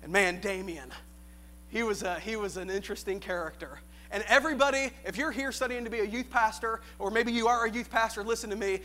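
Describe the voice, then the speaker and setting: A youth pastor with a very high, bright voice preaching a sermon. He builds to shouted, rousing questions, then drops into soft, chuckling storytelling. His delivery is lively and sharp throughout. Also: fairly quick. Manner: animated preaching, swinging from shouted questions to quiet storytelling with laughs.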